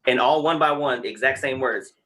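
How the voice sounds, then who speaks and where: A man from Texas talks fast in a bright, forward voice. He tells his stories with lots of energy and acts out the other people in them. The talk is loose, with plenty of swearing. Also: medium pitch, slight background noise. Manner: animated storyteller, acts out other people's lines, swears freely. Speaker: guest, creator of the wobble dance and wrestler. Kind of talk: casual podcast storytelling.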